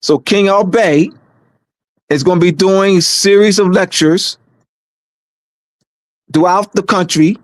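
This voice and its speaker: A community organizer hosting a meeting in unscripted livestream talk, emphatic and repetitive, often stumbling and restarting, moving between low, calm delivery and raised, shouting emphasis. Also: slow pace, pauses often, no room sound, studio quality.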